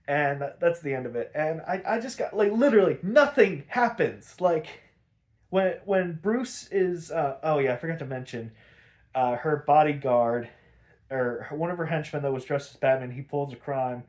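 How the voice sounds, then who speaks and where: A man's voice: a little high, moderate pace, darkish tone. A man hosting a podcast, recapping an episode in a rambling, profane, casual way, full of "like".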